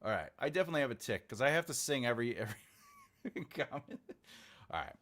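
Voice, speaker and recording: A man's voice: mid-range voice, big pitch swings, a little fast, a bit bright. A man writing a book live, thinking aloud and chatting with viewers as he types his outline. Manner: thinks aloud, mutters while typing, chats with viewers. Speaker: author livestreaming a writing session. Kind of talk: casual livestream chat while typing.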